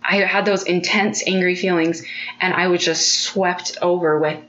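A woman's voice: lowish voice, steady tone, normal speed, a bit bright, dull audio, a little hiss or hum. A woman hosting a podcast, speaking openly and supportively in a candid conversation. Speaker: podcast host.

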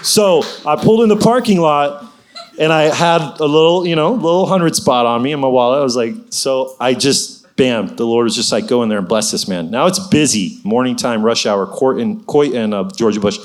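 A man's voice: mid-range voice, moderate pace. A middle-aged man telling a personal faith story in a conversational, preaching style. He exhorts his listeners and keeps adding "you know" asides.

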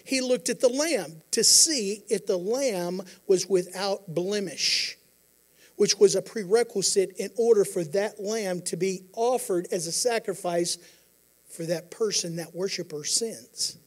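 A pastor preaching a sermon, earnest, moving between quiet passages and emphatic declarations. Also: male voice, sits high, a little slow.

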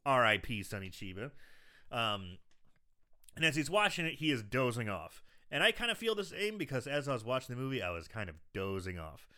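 A man's voice: mid-range voice, very animated, pushed and bright. A man casually recapping a movie scene by scene on a podcast, rambling, swearing and laughing easily. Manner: rambling, profane, quick to laugh. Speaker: podcast host.

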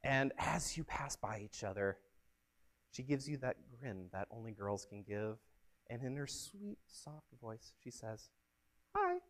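A young man preaching as a youth pastor, telling stories in an upbeat, energetic way. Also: mid-range voice, unhurried. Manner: upbeat, energetic, animated storyteller. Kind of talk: youth sermon with storytelling.

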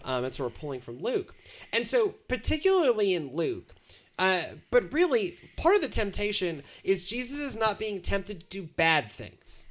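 A chatty man with a bright, forceful voice that sits a little high. He talks through scripture casually, with wry asides and plenty of ums along the way. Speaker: pastor co-host. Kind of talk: casual church discussion.

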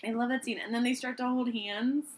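A woman's voice: fairly high pitch, fairly quick, crowd noise. A woman co-hosting a podcast, chatting casually and giggling often. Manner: giggly, lively, often laughing. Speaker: podcast co-host. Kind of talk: casual chat.

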